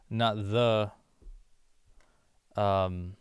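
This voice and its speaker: A man's voice: fairly low pitch, measured pace, smooth, no room sound. A man from the United States giving casual, rambling commentary while doing language-app lessons, full of "like" fillers and amused asides. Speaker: vlogger learning a language.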